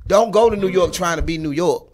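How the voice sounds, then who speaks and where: A woman's voice: lowish voice, a little fast, darkish tone. A woman from Atlanta with a Southern accent, hosting a casual talk show in an outspoken, emphatic way with plenty of cursing. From Atlanta, USA. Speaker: host.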